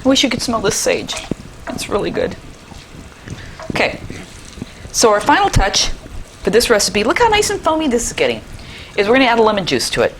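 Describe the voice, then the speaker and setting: A woman's voice: on the high side, very animated, brisk, long pauses, a little hiss or hum. Chatty woman hosting a cooking demo. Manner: chatty and enthusiastic, with playful asides. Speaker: cooking show host. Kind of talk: cooking demonstration. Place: kitchen.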